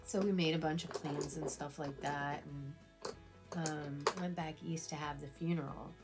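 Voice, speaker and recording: Low-pitched woman rambling through a sad story, lots of "like" and "you know", soft music in back. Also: fairly even intonation, measured pace. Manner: emotional storytelling, heavy fillers and repeats. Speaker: beauty vlogger. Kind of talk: casual chat during a get-ready-with-me video.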